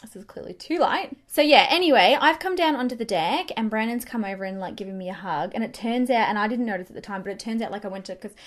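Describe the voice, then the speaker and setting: A young woman chatting excitedly while doing her makeup, rambling quickly through a story with lots of fillers. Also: fairly high pitch. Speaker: beauty vlogger. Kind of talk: get-ready-with-me storytelling chat.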